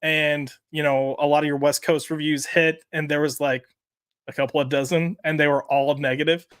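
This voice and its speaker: A man's voice: a little high, level tone, normal speed, fairly bright tone, clear, resonant tone, no echo. Chatty man with a dry close mic. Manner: chatty, rambling, lots of fillers. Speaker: podcast co-host. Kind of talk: casual chat reading live chat comments.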